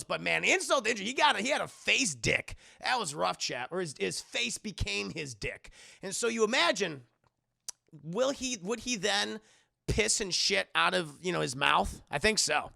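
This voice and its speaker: High, gravelly man recapping to chat. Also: animated, normal speed, pushed and bright. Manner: rambling, swears often, addresses chat. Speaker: show reviewer. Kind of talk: casual profane recap to a live chat.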